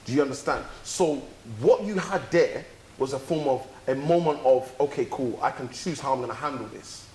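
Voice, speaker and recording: A man, telling a story on a podcast in a casual, animated way and acting out the dialogue with some swearing. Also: medium pitch, normal speed, slight background noise. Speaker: podcast co-host. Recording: echoey room.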